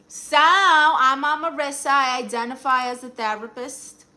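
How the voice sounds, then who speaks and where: Pushed and bright, her slightly high voice moves at a moderate pace with few pauses. She's a livestream host from Brooklyn, New York, with the accent to match, teasing her viewers, calling them honey, and sassily answering their comments with advice.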